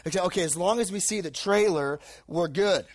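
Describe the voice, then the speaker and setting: Speaking briskly in a high voice, a young man preaches casually to a live audience as a youth preacher. His sermon is a rambling, joking personal story packed with fillers.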